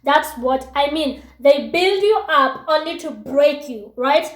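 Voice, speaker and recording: A woman's voice: high voice, animated, slow, echoey room. A woman in her thirties with a youthful, baby-like voice, chatting casually as she gives relationship advice with lots of fillers and asides. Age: 30s. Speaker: relationship talk speaker.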